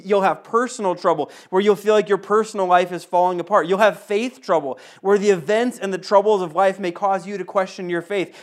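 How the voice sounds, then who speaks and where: A man in his thirties who preaches a sermon, tells a personal story with animation and repeats phrases for emphasis. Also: high voice. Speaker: pastor.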